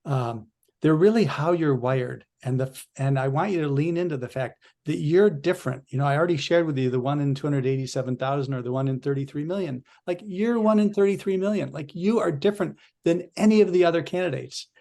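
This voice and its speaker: A male coach telling an animated story in a casual podcast chat, with frequent restarts. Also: on the high side, a little fast, vocal fry.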